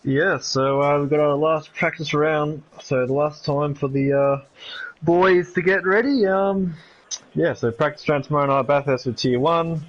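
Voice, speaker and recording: A male co-commentator on a sim racing live stream, his voice slightly high and heard through dull, lo-fi audio. He jokes around and laughs easily. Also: measured pace.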